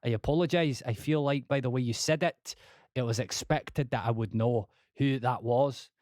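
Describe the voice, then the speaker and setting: A man's voice: mid-range voice, normal speed, no echo, studio quality. A young man, a composer, chatting casually to his stream while working. He swears a lot, mocks himself, and plays with a put-on Scottish accent. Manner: swearing, self-mocking, talking to chat while working software; putting on a mock Scottish accent. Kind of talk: casual livestream chat.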